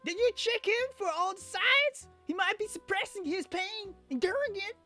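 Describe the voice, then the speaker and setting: A man voicing an excitable, high-strung young male soldier in a shrill, frantic voice while playing a game. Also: normal speed, soft background music, full character voice. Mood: anxious.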